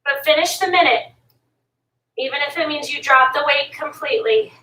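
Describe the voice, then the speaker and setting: Woman fitness instructor, high voice, motivating workout coaching, echoey room, distant mic. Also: normal speed, sharp tone. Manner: motivating, pushes listeners to keep going. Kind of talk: workout coaching while exercising.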